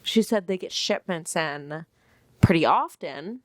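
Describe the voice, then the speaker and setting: A woman's voice: lowish voice, measured pace, dry recording, studio quality. A young woman vlogging at home, telling a chatty story about getting a book and acting out the people in it. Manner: animated, acts out quotes, gushing. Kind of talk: casual chatty storytelling vlog. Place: home, indoors. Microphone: clip-on mic on her shirt.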